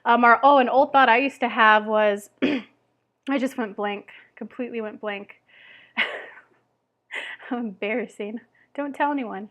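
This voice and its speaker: A woman's voice: on the high side, measured pace, long pauses, fairly bright tone. Bubbly woman chatting to camera. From Tennessee. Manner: bubbly, chatty, self-deprecating with frequent laughs and fillers. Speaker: weight loss vlogger. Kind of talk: casual chat to camera.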